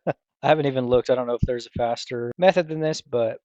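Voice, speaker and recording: A man's voice: medium pitch, brisk, a little mellow, clean tone, no echo. Rambling man on a dull, lo-fi mic. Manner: loose, rambling, with many fillers and restarts. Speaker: gaming video creator. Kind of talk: casual gameplay commentary. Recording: dull, lo-fi, dry voice recording.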